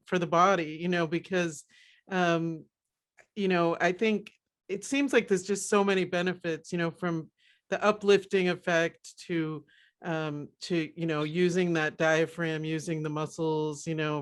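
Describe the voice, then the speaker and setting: A woman co-hosting a talk show, chatting casually, laughing easily, using many fillers and agreeing often. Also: on the low side. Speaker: co-host. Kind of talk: casual chat.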